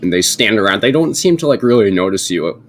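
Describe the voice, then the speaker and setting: A man narrating as game master in a tabletop game, in a relaxed, hesitant manner with lots of ums. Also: lowish voice, fairly quick, faint music behind. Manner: relaxed, hesitant, many fillers.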